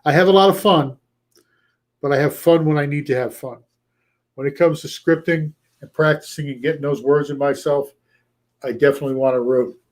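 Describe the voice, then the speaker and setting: A man coaching a live online audience in an energetic, conversational voice that sits a touch higher than most men's. He hammers home points by repeating them and slips into quick acted snippets of phone calls. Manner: energetic, repeats key phrases for emphasis; acts out short role-play lines with a lifted voice. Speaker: coach hosting a weekly live show. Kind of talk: casual coaching talk to a live chat.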